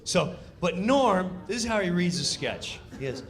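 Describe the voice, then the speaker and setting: A man telling an animated comedic backstage story, acting out the scene as he goes. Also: high-pitched, unhurried, slight background noise.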